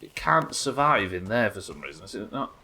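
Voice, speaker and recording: A man's voice: fairly low pitch, very animated, a little fast, sharp tone, husky. A British man giving casual, chatty, sweary commentary while he plays and builds in a game. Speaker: game streamer. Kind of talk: casual let's-play commentary.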